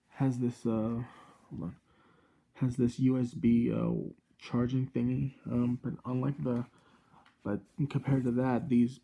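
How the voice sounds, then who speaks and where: Gravelly, husky young man rambling. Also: mid-range voice, warm tone. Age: 20s. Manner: rambling, halting, with constant self-corrections. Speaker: channel host. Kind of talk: casual gadget review vlog. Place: room at home.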